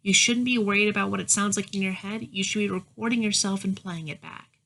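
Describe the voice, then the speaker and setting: A woman's voice: mid-range voice, steady tone, fairly quick, creaky, bright, forceful tone, poor audio. A woman giving a spoken voice training tutorial, demonstrating resonance positions, recorded on a phone. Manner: instructive, demonstrates voice placements as she talks. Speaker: voice training guide.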